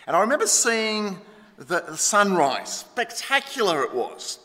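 A middle-aged Australian man preaching a sermon in a church, emphatic, swinging between loud stresses and hushed lines. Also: sits high, very animated, a little slow. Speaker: pastor. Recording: reverberant church hall.

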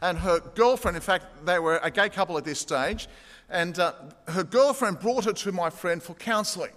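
A man delivering a sermon in a long-reverberating hall. His voice sits a little higher than most men's. He tells stories and reads quotes with building intensity. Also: a bit bright. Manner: storytelling, reads quotes aloud with rising intensity. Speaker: preacher.

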